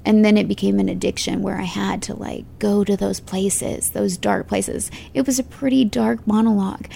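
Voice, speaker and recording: A woman actress talking about her work in an interview, chatty and expressive, laughing easily. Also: medium pitch, normal speed, creaky, a little hiss or hum. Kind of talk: casual interview conversation.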